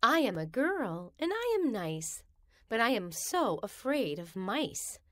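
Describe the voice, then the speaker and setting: A woman reading children's rhymes aloud in a slow, sing-song storybook manner. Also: fairly high pitch, big pitch swings, no echo, studio quality.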